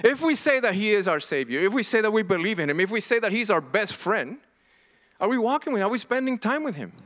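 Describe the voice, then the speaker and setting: Man, middle-aged pastor, sermon, high voice, bright tone, earnest, repeats himself. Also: very animated, fast. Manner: earnest, impassioned preaching with many repeated restarts.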